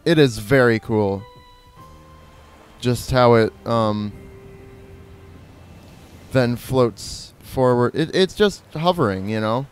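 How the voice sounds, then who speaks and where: With faint music underneath, a man with a smooth, medium-pitched voice talks at a slow pace and pauses often. He casually comments on his own gameplay as a video host, rambling playfully, correcting himself, and imitating creature cries.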